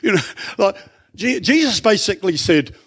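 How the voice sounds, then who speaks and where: A middle-aged man with an Australian accent preaching in church, conversational and animated, full of rhetorical questions. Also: sits high, moderate pace, husky. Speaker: pastor. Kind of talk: sermon.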